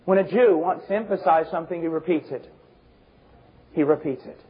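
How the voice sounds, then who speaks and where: A man preaching a fervent sermon, swinging between shouted emphasis and low, intense passages. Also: brisk, slightly rough. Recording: dull lo-fi recording.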